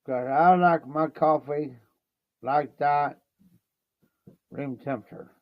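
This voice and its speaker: A man's voice: a little high, fairly even intonation, takes it slowly, no room sound. A man from Ohio telling a meandering story on a livestream, stacking up lots of "I said" and "he says". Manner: meandering, repeats "I said" and "he says" often. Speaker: livestream host. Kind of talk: rambling anecdote storytelling. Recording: dull lo-fi stream audio.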